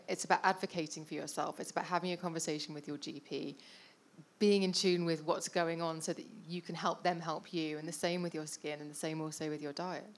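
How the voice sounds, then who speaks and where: A woman moderating a panel discussion, talking with enthusiasm and lively storytelling. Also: lowish voice.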